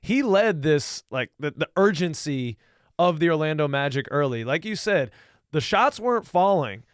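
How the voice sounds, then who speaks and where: A man co-hosting a casual sports podcast, talking as an enthusiastic, excited fan. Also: a little high, moderate pace, clear, resonant tone, no room sound, studio quality. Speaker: podcast co-host.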